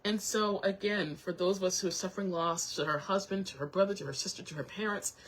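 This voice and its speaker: A young woman hosting her own show, talking to viewers while close to tears, halting with many restarts and apologies. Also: lowish voice, steady tone, a bit bright. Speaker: show host. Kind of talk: emotional personal talk to viewers.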